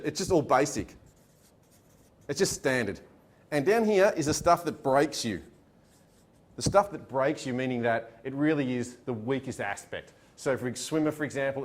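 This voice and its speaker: A man teaching a workshop, explaining a chart of skills with pointing words. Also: on the high side. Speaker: motivational speaker.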